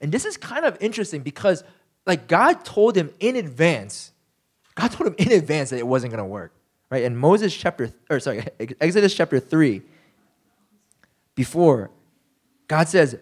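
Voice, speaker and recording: A man's voice: a little high, sing-song, normal speed, pauses often, husky. A man preaching a conversational sermon, telling the story casually with lots of fillers and acting out quoted lines. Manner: acts out quoted lines in shifting voices. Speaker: pastor.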